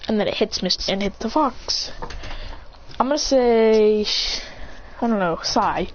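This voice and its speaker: A woman's voice: fairly high pitch, measured pace. A woman telling an improvised story in a rambling way, with many fillers and restarts. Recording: dull lo-fi recording with faint noise.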